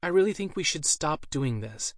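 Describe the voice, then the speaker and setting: A man puts on a soft, tired young wife, higher than his own voice, who sounds patient and reasonable. The sound is close and dry, as in a storybook reading. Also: lively intonation, moderate pace, no room sound, lightly acted. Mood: weary. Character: weary, sensible young wife.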